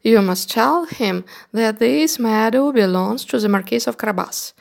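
A woman's voice: on the high side, normal speed, gravelly. Woman reading as a firm, scheming storybook cat. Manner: firm, commanding. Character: sly male cat servant, firm and scheming.

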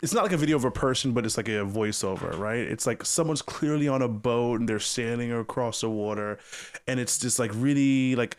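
A man's voice: medium pitch, fairly quick. A man co-hosting a casual podcast, rambling with many restarts and swearing freely. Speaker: podcast co-host. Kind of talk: casual chat.

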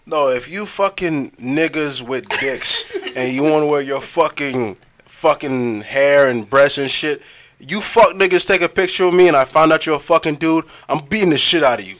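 A man with a mid-pitched, bright voice talking in casual podcast banter. He is blunt and profane and breaks into quick rants. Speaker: podcast co-host.

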